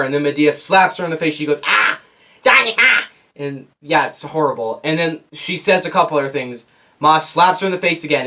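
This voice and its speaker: A young man talks straight to his camera in a casual review, his voice sitting a little on the high side. He rants with sarcastic exasperation. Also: fairly bright tone. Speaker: movie reviewer. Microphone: camera on a desk.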